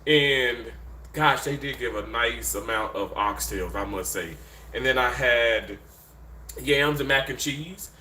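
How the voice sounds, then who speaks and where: A man's voice: medium pitch, slow, sharp tone, roomy sound, a little hiss or hum. A man from Mississippi with a Southern accent, chatting casually on a live stream from a hotel room, rambling with lots of fillers. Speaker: livestream host. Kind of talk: casual live-stream chat reading viewer comments.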